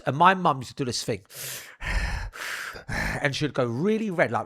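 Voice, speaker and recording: A young man telling a funny childhood anecdote in an animated, profane, theatrical way. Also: medium pitch, a little slow. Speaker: storyteller. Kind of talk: comedic anecdote.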